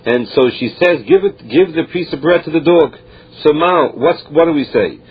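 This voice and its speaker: A man's voice: fairly high pitch, expressive, normal speed, husky. A man teaching a Talmud class, reading Aramaic phrases and explaining each one in plain English. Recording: dull lo-fi recording.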